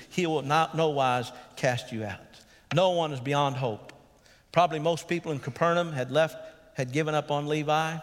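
A man's voice: fairly high pitch, a bit bright. A man, a pastor preaching an earnest sermon and calling out to the congregation. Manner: earnest preaching with calls of "Amen?". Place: church sanctuary. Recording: long church reverb.

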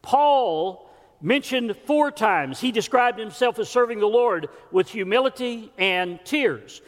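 High-voiced preacher in a reverberant church. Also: male voice, animated, takes it slowly. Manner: earnest preaching with folksy storytelling. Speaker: pastor. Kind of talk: sermon. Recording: long church hall reverb.

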